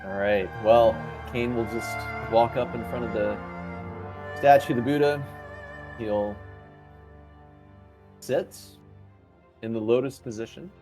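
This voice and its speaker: A man with a low voice calmly narrates what his character does in a tabletop game. He talks in a loose, unhurried way while faint music plays underneath. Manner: laid-back, describes his character's actions. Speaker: player.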